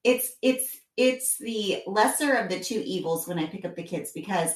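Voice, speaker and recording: Recorded on a distant mic in a reverberant space, this woman speaks at medium pitch and a moderate pace. She's a podcast co-host chatting casually, bringing family scenes to life as an animated storyteller.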